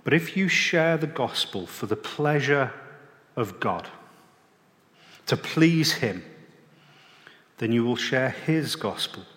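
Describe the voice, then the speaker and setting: A man preaching a sermon in a plain-spoken, conversational way, pausing and restarting now and then. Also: medium pitch, lively intonation, a bit bright. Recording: long reverb of a large hall.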